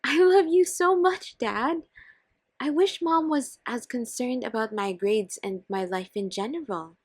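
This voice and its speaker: A woman voicing a bright-voiced teen girl. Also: on the high side, moderate pace, slightly rough, no echo. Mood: affectionate. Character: teen daughter, affectionate and eager. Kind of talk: scripted text-story narration.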